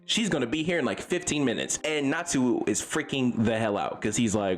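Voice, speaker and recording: A man's voice: on the high side, very animated, brisk, few pauses, slight background noise. A man giving a casual, profane, rambling anime recap with running jokes. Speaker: anime commentary YouTuber.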